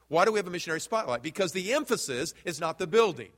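High-voiced preacher in a reverberant church. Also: male voice, sing-song, fast talker, fairly bright tone. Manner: preaching, addresses congregation directly with questions. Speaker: pastor. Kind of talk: sermon. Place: church sanctuary. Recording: long hall reverb from church sanctuary.

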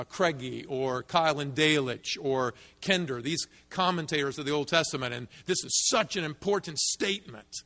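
A man's voice: a little high, sharp tone. A man preaching a sermon as a pastor, emphatic, rising to fervent peaks when he quotes scripture. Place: church sanctuary. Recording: long reverb of a large hall.

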